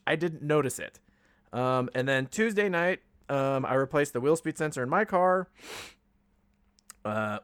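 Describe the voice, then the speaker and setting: A man's voice: mid-range voice, a bit bright, dry recording, clean studio sound. A man co-hosting a podcast, chatting casually and telling a long story with lots of ums and uhs. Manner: rambling storytelling with many fillers. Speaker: podcast co-host. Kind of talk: casual chat.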